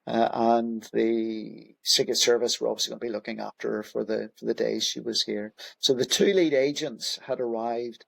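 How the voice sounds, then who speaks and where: Chatty middle-aged police commissioner, dry close sound. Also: male voice, medium pitch, steady tone, normal speed, creaky, hardly any pauses, fairly bright tone, dry recording. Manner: conversational, frequent fillers and restarts. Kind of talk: anecdotal interview storytelling.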